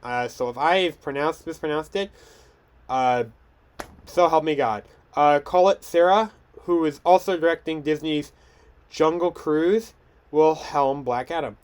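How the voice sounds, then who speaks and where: A man's voice: a little high, unhurried, clean tone. A young man hosting a podcast, chatting casually through film news with frequent restarts and stumbles. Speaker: podcast host.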